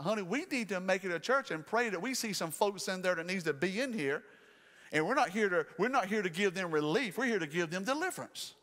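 A man's voice: high voice, a bit bright, long reverb tail. A man preaching a fervent midweek sermon as pastor, calling out to his congregation. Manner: fervent, call-and-response preaching. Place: church sanctuary.

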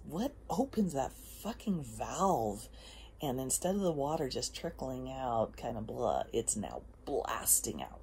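Low gravelly woman, casual motivational talk. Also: very animated, measured pace, slight background noise. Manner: emphatic, drifts between soft whispers and bursts. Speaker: host. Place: outdoors.

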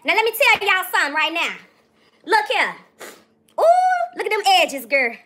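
A woman with a very high, bright voice that swoops up and down as she talks. She chats with her livestream audience in a theatrical, sassy way, and her exclamations are drawn out. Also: sing-song, fairly quick. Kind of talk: livestream chat.

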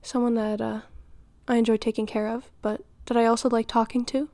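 A woman's voice: fairly high pitch, little pitch movement, a little fast, warm tone, no room sound, lightly acted. Woman playing a doting, flirty friend's mom. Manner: nurturing, teasing, giggly, flustered. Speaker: voice actor in audio role-play. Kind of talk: audio role-play.

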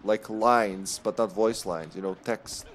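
A man's voice: fairly low pitch, steady tone, unhurried, a little hiss or hum. A man streaming an online game and chatting casually with friends, joking and swearing, laughing often. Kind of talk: casual gaming chat.

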